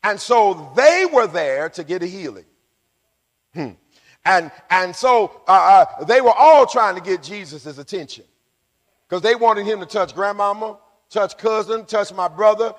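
A man with a high voice preaches a sermon in a church, and a long reverb trails his words around the hall. He calls on the congregation to answer him back and rises into shouts as he goes. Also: animated, measured pace. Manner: call-and-response preaching, building to shouts. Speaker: pastor. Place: church sanctuary.

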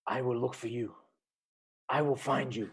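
A man doing an impression of a menacing action hero, with a slow, flat, threatening delivery. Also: mid-range voice, slightly rough.

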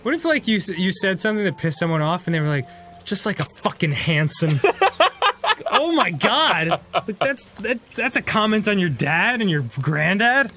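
A man's voice: sits high, sing-song, moderate pace, bright, forceful tone, a little hiss or hum. A man co-hosting a let's play, cracking crude jokes and laughing often. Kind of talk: casual gameplay commentary.

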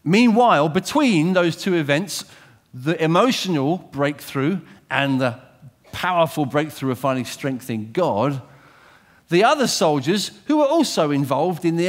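Preaching in a high-leaning voice at normal speed, this man is animated and speaks straight to his listeners. He asks them questions, rising to loud emphasis and dropping to quiet intensity.

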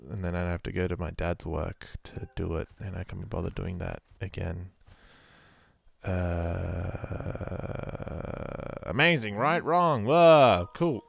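Sleepy, yawning man with a low voice. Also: flat delivery, unhurried, creaky, a little mellow, breathy edge. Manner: rambling, swears freely, self-mocking. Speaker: gameplay commentator. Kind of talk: casual let's-play commentary.

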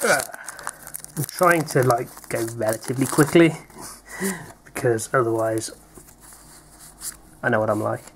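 A British man, co-hosting, opens card packs and chats playfully, reading out names with little laughs in a casual unboxing. His voice is medium-pitched and unhurried, with frequent pauses and slight background noise.

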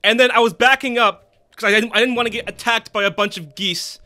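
A man streams a game with casual commentary, getting excitable and quickly yelling and swearing at the characters, then drifting into rambling anecdotes he keeps restarting. His voice is very high-pitched.

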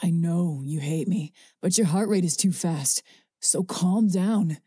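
A woman voicing a stern, low-voiced winged man who speaks in firm, steadying commands, with a husky tone. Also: unhurried, dark tone, no echo, studio quality. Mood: urgent calm.

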